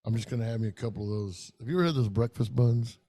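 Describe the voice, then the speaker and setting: A man's voice: mid-range voice, steady tone, rapid-fire, warm tone. A middle-aged man, telling a long, profane, rambling story in casual podcast chat. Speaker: podcast co-host.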